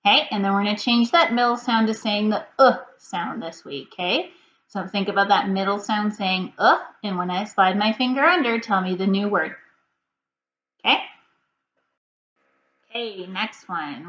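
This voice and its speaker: A woman teaching a reading lesson to young children at home, prompting slowly and clearly and pausing for answers. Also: mid-range voice, a bit bright, muffled recording. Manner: slow, clear, patient prompting with pauses for answers.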